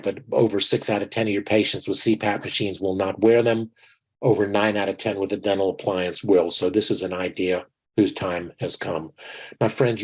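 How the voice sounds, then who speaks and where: The audio is poor, carrying a slightly rough, lowish male voice. It belongs to a dentist in his sixties whose online lecture mixes in personal stories, delivered earnestly and folksily as he keeps calling the audience his friends.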